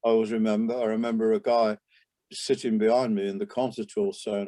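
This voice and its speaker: An older man, a jazz trumpeter, reminiscing in a relaxed interview, rambling with many restarts and asides. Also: fairly low pitch, brisk. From England.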